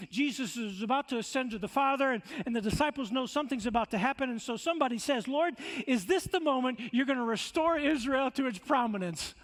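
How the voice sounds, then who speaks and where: A man pastor preaching a sermon in a church, emphatic, with rhetorical questions and stammering restarts. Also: very high voice. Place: church sanctuary. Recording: long church reverb.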